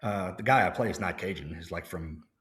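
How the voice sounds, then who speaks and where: A man from Louisiana talks as an interview guest, and his voice sits fairly low. He tells stories in a loose, relaxed way, full of fillers and self-corrections. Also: fairly quick. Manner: relaxed storyteller, many fillers and restarts. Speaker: actor guest. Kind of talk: casual interview chat.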